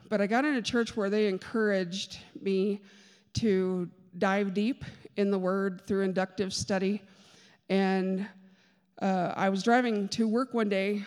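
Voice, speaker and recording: Woman at the pulpit, casual sermon voice with joking asides, mid-pitched, long hall reverb. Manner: chatty, joking asides, self-deprecating. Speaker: speaker giving a church talk. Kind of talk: conversational sermon with personal testimony.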